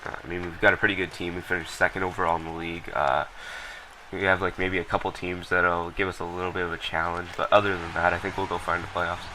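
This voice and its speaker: A man's voice: deep voice, little pitch movement, fast talker, sharp tone, a little hiss or hum, rough recording. A young man casually commenting over a recorded hockey match, rambling with lots of ums and blunt, profane remarks. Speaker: gameplay commentator.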